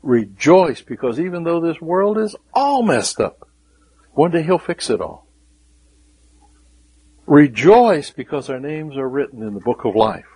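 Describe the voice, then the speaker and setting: A man preaching a sermon, earnest, repeating key words and dropping to a hushed voice when quoting scripture. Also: a little high, big pitch swings, measured pace, pauses often, slightly rough, poor audio.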